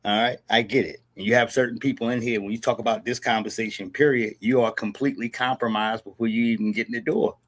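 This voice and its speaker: A man's voice: mid-range voice, fairly even intonation, fast talker, few pauses, a bit bright. A man hosting a commentary stream, talking emphatically and asking "all right?" over and over. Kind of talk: livestream commentary.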